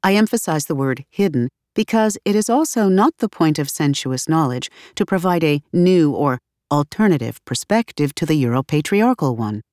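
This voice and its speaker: A woman reading her own audiobook aloud in a measured, deliberate narration. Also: sits low, lively intonation, darkish tone, no room sound, studio quality.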